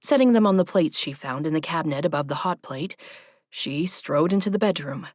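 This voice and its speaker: Low, soft-voiced woman narrating a romance audiobook. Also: expressive, fairly quick, dry recording, studio quality.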